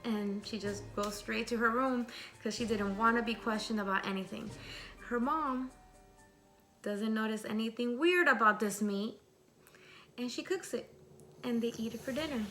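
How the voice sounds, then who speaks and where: Bright-voiced woman telling a scary story. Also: on the high side, normal speed, pauses often, faint music behind. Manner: chatty, lively, asks rhetorical questions.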